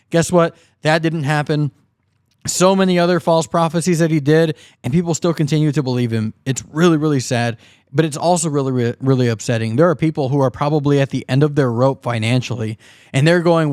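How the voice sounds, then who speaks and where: A man hosting his own commentary video, voice a touch high, picking apart a preacher's claims. He sounds indignant and mocking. The sound is close and completely dry. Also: a little fast, a little mellow, no room sound. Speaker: host of a commentary channel.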